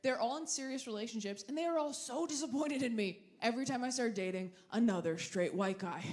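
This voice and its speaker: A woman doing stand-up comedy with dry, self-deprecating quick punchlines, live before an audience. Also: fairly high pitch, darkish tone, slight background noise. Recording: live stage recording, crowd laughter. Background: audience laughter.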